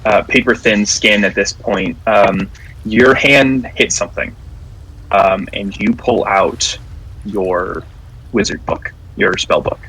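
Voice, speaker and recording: A man narrating as game master of a tabletop game, describing scenes in a halting way with many fillers. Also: fairly low pitch, a bit bright, husky, rough recording.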